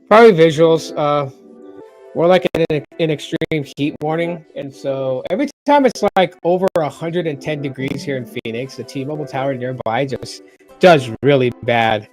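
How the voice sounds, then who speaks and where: A man's voice: on the high side, normal speed, faint music behind. Rambling middle-aged man livestreaming. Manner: rambling, repeats phrases, lively storytelling. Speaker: tech livestream host. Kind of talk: casual livestream chat.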